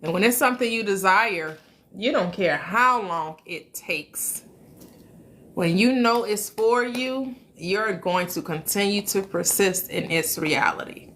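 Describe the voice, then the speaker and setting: A woman's voice: mid-range voice, unhurried, fairly bright tone. A woman hosting a casual live-stream, chatting with viewers, greeting them by name and often repeating her phrases. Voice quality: frequent laughter, repeats phrases. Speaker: host.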